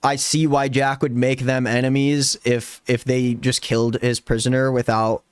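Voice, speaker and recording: A man in his twenties recapping a novel in a casual vlog, sarcastic and animated, slipping into mock voices and laughing as he goes. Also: medium pitch, normal speed, smooth, dry recording, studio quality. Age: 20s. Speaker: book vlogger.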